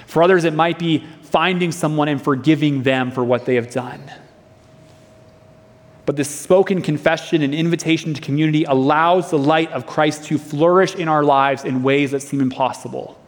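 A man's voice: on the high side, normal speed. A young man preaching a sermon in a church, telling a personal story in an earnest, conversational way. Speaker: pastor. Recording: long reverb of a hall.

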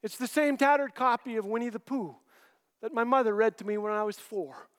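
A middle-aged man with a notably high voice tells warm, wry stories with dry punchlines. His voice rings out in a hall with a long reverb. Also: fairly quick. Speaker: Christian humorist and author. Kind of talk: storytelling talk.

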